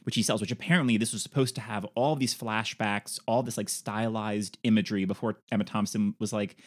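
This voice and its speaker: A man's voice: fairly low pitch, fairly even intonation, fairly quick. A man co-hosting a podcast, casually recapping a film's plot with playful asides. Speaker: podcast co-host. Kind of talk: casual film discussion.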